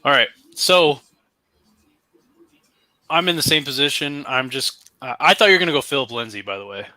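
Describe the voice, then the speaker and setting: A man co-hosting a casual sports podcast, thinking out loud and correcting himself as he talks through his draft picks. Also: mid-range voice, expressive, normal speed, dry recording. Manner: conversational, thinks aloud, self-correcting. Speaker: podcast co-host.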